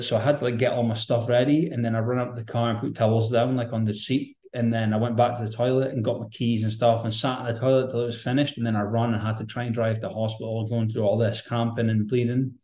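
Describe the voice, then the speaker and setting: A man's voice: medium pitch, mellow. Earnest man in an echoey room. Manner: rambling, earnest, conversational. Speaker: podcast guest. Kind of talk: candid personal storytelling.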